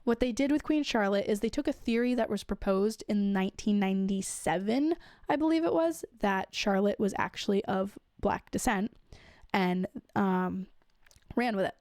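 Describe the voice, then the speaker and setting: A woman casually giving her opinions on a TV show in a flat, dry tone, sounding a little worn from being sick, with frequent "um"s and "like"s. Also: medium pitch, normal speed, dry recording. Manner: frequent fillers like "um" and "like". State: recovering from illness. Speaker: podcast host reviewing a TV show.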